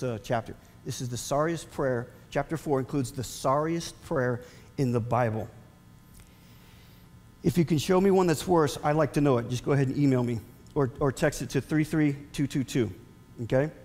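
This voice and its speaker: A man preaching a sermon as pastor, animated with emphatic rising asides. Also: mid-range voice, in a large hall.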